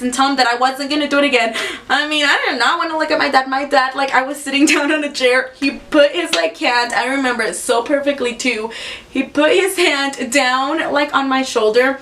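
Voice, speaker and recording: A young woman vlogger telling a casual storytime, animated and swearing freely, acting out quotes in high squeals. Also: far from the mic.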